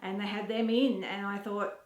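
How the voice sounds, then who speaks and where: A woman's voice: mid-range voice, level tone, moderate pace. A woman with an Australian accent chatting casually to camera in her home kitchen, rambling from one thing to the next and laughing often. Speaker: vlogger. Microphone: camera set down nearby. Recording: echoey room.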